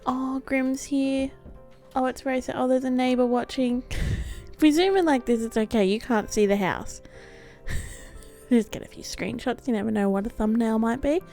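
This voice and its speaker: Hosting a let's play over faint background music, a woman chats and giggles through her gameplay, often poking fun at herself. Her voice is fairly high and warm, at a normal speed.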